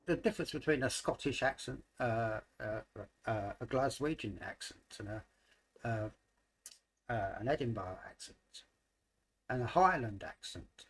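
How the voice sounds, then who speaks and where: A man's voice: mid-range voice, measured pace, a bit bright. A middle-aged man from London with a London accent, chatting casually on a livestream and rambling with lots of fillers. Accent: London English. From London, England. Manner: rambling, hesitant with many fillers. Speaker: livestream host. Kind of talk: casual chat.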